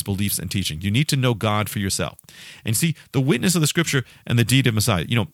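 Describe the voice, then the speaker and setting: A man's voice: medium pitch, no room sound, clean studio sound. A man preaching a sermon with emphatic, repeated phrasing, restarting his sentences and putting questions to his listeners.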